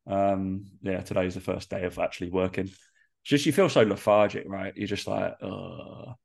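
Stuffy-nosed man, low gravelly voice, rambling casual podcast host. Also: fairly even intonation, fairly quick, a little mellow. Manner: rambling, full of fillers, laughs often. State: congested, nasal from a cold. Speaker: personal trainer and podcast host.

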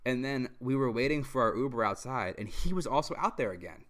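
A man's voice: mid-range voice, animated, a little fast, fairly bright tone. Rambling young man telling a story. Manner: rambling, lots of "like" fillers, swearing, laughs a lot. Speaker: podcast host. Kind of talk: casual storytelling chat.

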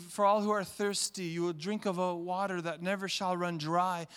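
A man with a high, smooth, resonant voice preaches a sermon to his church. He swells into loud, emphatic peaks and slips into little voices when he tells family stories. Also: flat delivery, moderate pace, hardly any pauses. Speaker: pastor.

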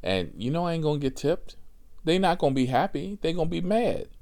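A rideshare driver telling a personal story, profane and animated, with laughing asides. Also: male voice, fairly high pitch, brisk.

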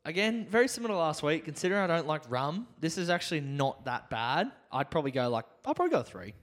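A man's voice: on the high side, very animated, fast talker, fairly bright tone. A man co-hosting a casual podcast, joking and swearing freely. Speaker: podcast co-host. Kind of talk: casual chat.

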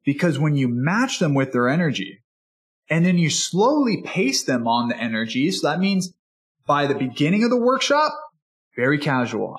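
An energetic, enthusiastic man teaching as a speaking coach in a motivational podcast talk, sometimes acting out a customer and a salesperson. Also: on the high side, moderate pace. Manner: energetic and enthusiastic, animated delivery; acts out customer and salesperson dialogue.

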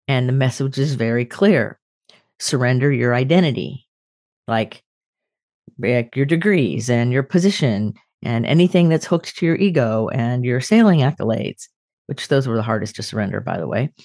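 A woman's voice: extremely low pitch, a little mellow, dry recording. Earnest older woman, dry close sound. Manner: earnest, personal storytelling with restarts. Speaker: podcast host. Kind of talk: reflective spiritual talk.

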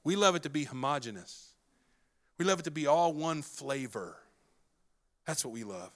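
A man preaching a sermon with an animated delivery, swinging between loud and soft and fast and slow, and acting out dialogue. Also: on the high side. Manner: animated, wide swings in loudness and pace; acts out quoted dialogue. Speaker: pastor.

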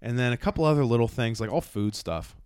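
A man co-hosting a casual comedy podcast tells an animated story, his pitch swinging widely. He laughs often as he talks. His voice sounds dry and close, with no room echo. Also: fast, clean tone. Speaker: podcast co-host.

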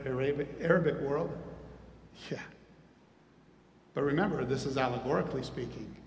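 A man preaching a sermon as a pastor, animated and asking his listeners questions as he teaches. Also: medium pitch, slight background noise. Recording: echoey hall, reverberant.

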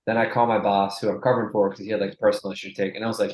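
A young man with a lowish voice spins a rambling, profane story, acting out what everyone said. He talks casually as a strength coach would with a friend, and the room gives his voice a noticeable echo. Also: rapid-fire. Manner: animated, profane, acts out quotes.

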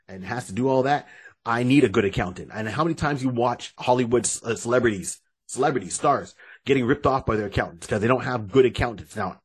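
A man co-hosting a podcast, telling stories in an animated, joking way with frequent restarts. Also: medium pitch, breathy edge. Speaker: podcast co-host. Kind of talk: casual podcast chat.

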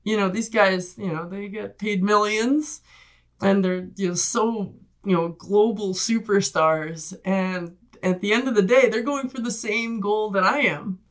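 Woman, podcast guest, casual storytelling, animated, chatty. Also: mid-range voice, measured pace. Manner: animated, acts out quoted voices, laughs often. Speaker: guest, Olympic rower.

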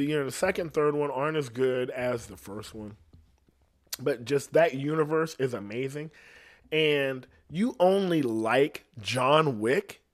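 A man on his podcast delivers a rambling, foul-mouthed comic monologue in a casual style. His pitch and volume swing widely from one phrase to the next, and he constantly asks the listener "you know what I'm saying."

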